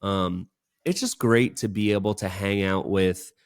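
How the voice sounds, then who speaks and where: This podcast co-host has a low-pitched, steady voice and talks a little slowly. On a casual business show, he rambles along in an upbeat, complimentary way.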